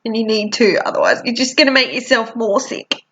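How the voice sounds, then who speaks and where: A woman's voice: fairly high pitch, a little fast, fairly bright tone, lo-fi sound, a little hiss or hum. A woman, talking frankly in a personal vlog, teary and sniffly, swearing freely. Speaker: vlogger.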